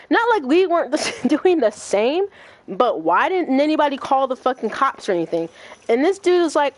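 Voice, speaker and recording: Animated, profane woman telling a story. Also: high voice, moderate pace, dry recording. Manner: animated, profane, acts out quoted voices. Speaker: livestream gaming host. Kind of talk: casual storytelling chat.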